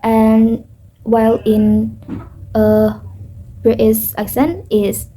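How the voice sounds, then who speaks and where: A young woman with an Indonesian accent reads out her pronunciation feedback for a class presentation, pausing often with fillers. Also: on the high side, fairly even intonation, warm tone, husky, low-quality recording. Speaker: student presenter.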